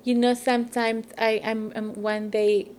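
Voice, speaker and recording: Higher-voiced woman testifying. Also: little pitch movement, measured pace, a little hiss or hum. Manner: warm, emphatic storytelling with frequent affirmations. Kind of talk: faith conversation.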